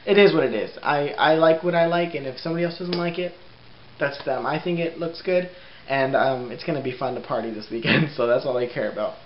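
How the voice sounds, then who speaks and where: A young man vlogging at home in a casual, rambling way, laughing often and filling pauses with ums. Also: on the high side. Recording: roomy, dull lo-fi sound with faint hiss.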